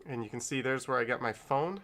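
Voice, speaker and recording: A middle-aged man talks loosely to his live-stream viewers. He rambles, chuckles, and drifts between topics. His voice sits at an ordinary pitch. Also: a little fast, a bit bright, a little hiss or hum. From Canada. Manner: rambling, easygoing, chuckles often. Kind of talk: casual live-stream chat.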